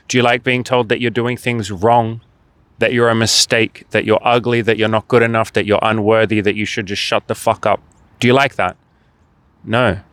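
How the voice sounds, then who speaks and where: A man's voice: medium pitch, fairly bright tone, no room sound. A man speaking as a dating and life coach in a direct-to-camera motivational monologue, blunt and emphatic, swearing freely and firing off rhetorical questions.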